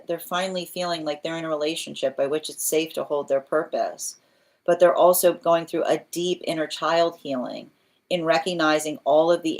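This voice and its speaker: Low-voiced woman giving a tarot reading. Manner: earnest, repetitive, often asks "right?"; restarts phrases while thinking aloud. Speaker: tarot reader.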